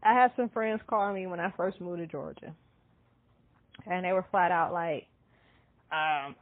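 A woman's voice: fairly low pitch, unhurried, pauses often, no echo. Candid woman in her thirties, phone-like sound. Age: 30s. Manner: candid, animated storytelling, laughs often. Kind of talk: casual chat. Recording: dry, tinny phone-like sound.

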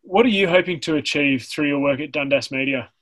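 A man with a fairly high voice leads an interview. He asks measured questions and praises his guest's stories. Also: a bit bright, low-quality recording.

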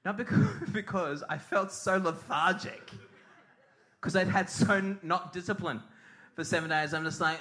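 A man's voice: high voice, expressive, normal speed, sharp tone. A middle-aged man preaching a sermon as pastor, telling a comic story with sung mimicry and put-on voices.

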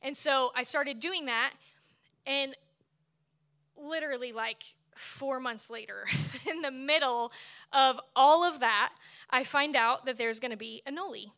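A woman in her thirties is preaching, with a high voice that rings clear and bright. She tells her own story in an expressive, lively way, and her telling is full of laughter. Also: unhurried. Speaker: speaker at church. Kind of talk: personal testimony sermon.

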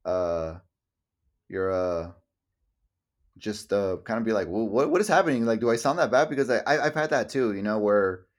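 A man's voice: fairly low pitch, lively intonation, moderate pace. Rambling young man, casual swearing. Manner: rambling, full of "like", swears casually, acts out quotes. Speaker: podcast co-host. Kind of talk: casual chat.

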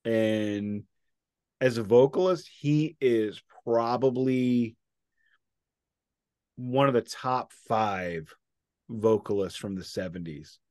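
A man's voice: fairly low pitch, takes it slowly, pauses often, darkish tone, dry recording, studio quality. A man co-hosting a casual album-review podcast, opinionated and prone to digressions. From United States. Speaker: podcast co-host. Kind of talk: casual music review chat.

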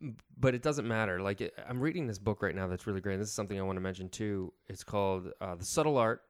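Young man, podcast guest, lowish voice, laid-back, halting, dry close sound. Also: smooth, dry recording. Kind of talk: casual podcast chat.

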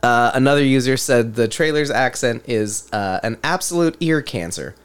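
A man's voice: medium pitch, animated, normal speed, clean tone. Laughing male podcast host. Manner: laughing often, reading quotes aloud. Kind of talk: casual chat.

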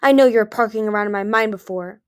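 A woman's voice: medium pitch, quick pace, smooth, no room sound, studio quality, close to an everyday voice. A woman reading the part of a scarred, furious young male dragon who snarls and growls his insults, in an amateur storybook reading. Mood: angry. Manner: angry, growling, snaps insults.

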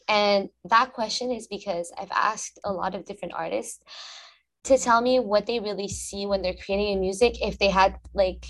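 Curious female interviewer, mid-pitched. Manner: curious, laughs easily, sings snippets. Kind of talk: casual interview.

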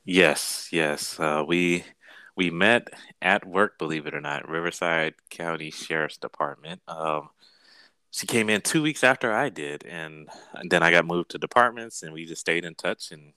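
Man, interview guest, very low voice, smooth, dry close sound, relaxed. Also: measured pace, no room sound. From California. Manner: relaxed, laughs often. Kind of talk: conversational storytelling.

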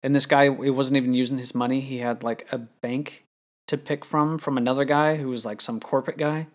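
A man who works on TV crews, telling stories in a relaxed, halting way during a casual chat. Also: mid-range voice. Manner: relaxed, halting, many "like" fillers. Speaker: TV crew member guest.

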